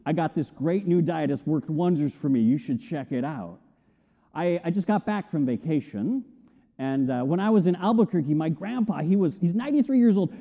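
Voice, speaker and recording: A middle-aged man preaching a sermon, telling stories in an animated way and acting out the quotes. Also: high voice. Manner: animated storytelling, acts out shouted quotes. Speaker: pastor. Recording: tinny phone-like sound with long hall reverb.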